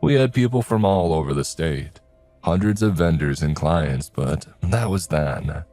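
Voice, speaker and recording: A man's voice: low-pitched, lively intonation, measured pace, mellow, dry recording, faint music behind. A man voicing a folksy older male client who talks in easygoing country phrases.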